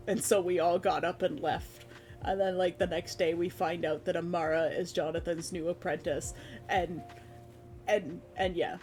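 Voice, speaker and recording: A streamer chatting casually in a rambling, animated way, recapping a tabletop game and slipping into quick quoted voices of the characters. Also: mid-range voice, soft background music.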